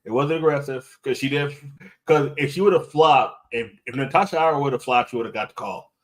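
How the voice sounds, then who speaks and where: A man's voice: mid-range voice, a little fast. A man hosting a podcast in loose, rambling casual chat, often swearing. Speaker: podcast host.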